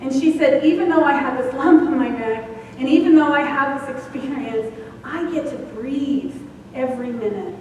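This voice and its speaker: A woman's voice: high-pitched, normal speed, darkish tone. A middle-aged woman minister giving a sermon, speaking candidly and laughing at herself as she talks. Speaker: senior minister. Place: large church hall. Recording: echoey hall, distant mic, faint hiss.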